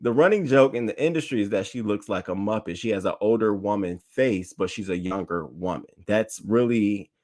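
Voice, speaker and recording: A man giving casual, slangy news commentary to his chat, animated and reading tweets aloud. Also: on the low side, moderate pace, hardly any pauses. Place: home setup, talking to chat.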